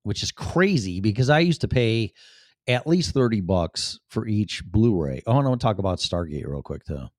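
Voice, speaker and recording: A show host with a Chicago accent delivers a rambling, profane, offhand monologue on a casual livestream. His voice is lowish, a little mellow and very animated, at normal speed, with clean studio sound and no room sound.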